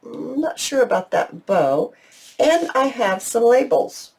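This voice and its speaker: A woman's voice: fairly high pitch, very animated, takes it slowly, a little mellow. A middle-aged woman hosting a casual craft tutorial, gushing with enthusiasm and talking straight to her viewers. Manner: gushing, enthusiastic, talks to viewers as "you guys". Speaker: crafting channel host.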